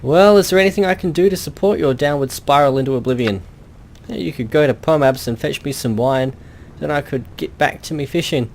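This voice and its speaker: A man's voice: fairly high pitch, brisk, creaky, slight background noise. A man doing a boozy old sea-dog fisherman. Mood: pleading. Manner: slurring sea-dog talk, says matey. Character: drunk old male fisherman, grumbling and pleading.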